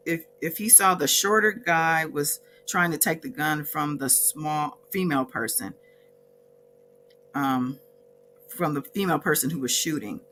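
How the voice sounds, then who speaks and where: A woman's voice: low voice, bright, forceful tone. A woman vlogger casually recapping a court day from her notes, with chatty asides and frequent self-corrections.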